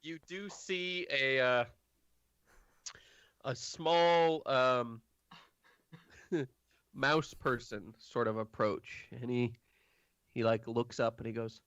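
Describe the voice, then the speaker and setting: A man's voice: mid-range voice, takes it slowly, long pauses, a bit bright, clean tone, no echo, lo-fi sound. A man narrating as game master, casual and full of fillers. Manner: casual, filler-heavy, laughs often.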